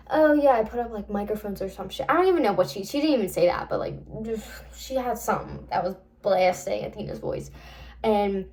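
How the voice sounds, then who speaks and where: A woman's voice: mid-range voice, a little mellow. Young woman rambling through a book recap. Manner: rambling, swears freely, heavy filler "like". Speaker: book reviewer.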